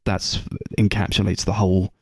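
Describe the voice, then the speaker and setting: Low-voiced man, casual film chat. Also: moderate pace, creaky, breathy edge, no room sound, studio quality. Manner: animated, swears, acts out scenes. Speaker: podcast co-host.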